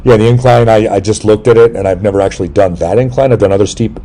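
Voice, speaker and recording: A middle-aged man hosting a casual interview chat, telling rambling, jokey stories and breaking into sudden loud yelps. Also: on the low side, fast talker. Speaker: podcast host.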